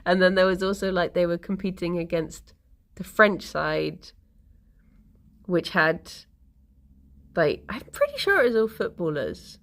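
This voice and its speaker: A woman's voice: fairly low pitch, expressive, a little slow, long pauses, fairly bright tone. A young woman streaming, chatting casually with viewers in a rambling, giggly, sleepy way. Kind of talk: relaxed casual stream chat, reading chat.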